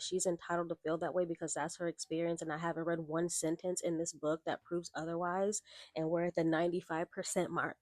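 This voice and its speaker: A woman's voice: low voice, brisk, darkish tone, no echo. A woman reviewing books in a casual vlog, reacting with incredulous, exasperated commentary and calling her viewers y'all. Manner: addresses viewers as y'all, baby, child. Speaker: book vlogger.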